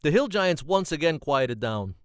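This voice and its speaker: A man narrating an amateur fantasy story in a plain, steady way. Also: a little high, moderate pace, dry recording, low-quality recording.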